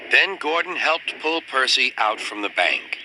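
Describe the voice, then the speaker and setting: An older man narrating a children's story in a wry, expressive storytelling manner. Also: medium pitch, a little slow, noisy background. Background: loud music.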